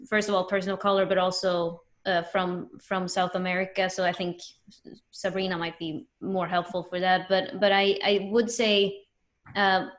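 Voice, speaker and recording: Swedish-accented woman on a panel. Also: medium pitch. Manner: thoughtful, restarts often. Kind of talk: panel discussion. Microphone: video call.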